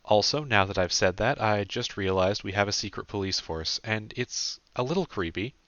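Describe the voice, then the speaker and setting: A man's voice: on the low side, expressive, normal speed, a bit bright, dry recording, highs cut off. A man voicing an earnest young man who sounds wry and mildly worried. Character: young man, thoughtful, mildly fretful boyfriend.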